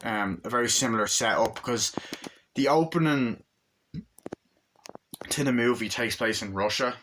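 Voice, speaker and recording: A man casually reviewing an action movie, rambling with excitement and swearing a lot. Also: mid-range voice, measured pace, slight background noise. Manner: excited, profane, rambling, acts out scenes.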